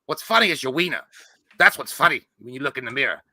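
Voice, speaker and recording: A man's voice: medium pitch, animated, quick pace, sharp tone, no echo. A man with a Southern US accent co-hosting a live movie show, talking in crude, rowdy, profane banter.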